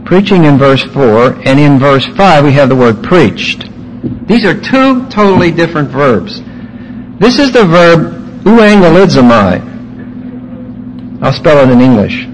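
A male Bible teacher with a fairly high voice lectures at an unhurried pace. He stresses key words emphatically and points his class back to their notes. A faint hiss sits under the recording. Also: big pitch swings, low-quality recording.

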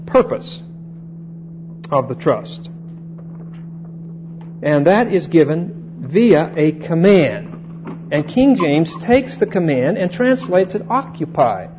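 Male Bible teacher, unhurried and repetitive, slightly high voice, dull recording with faint hum. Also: mellow. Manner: unhurried, repeats points and checks understanding with "okay?".

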